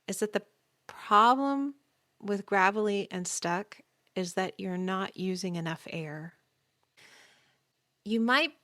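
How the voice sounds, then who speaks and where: A woman hosting a podcast voice lesson, explaining calmly and demonstrating sounds. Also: on the low side, no echo, studio quality. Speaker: voice teacher.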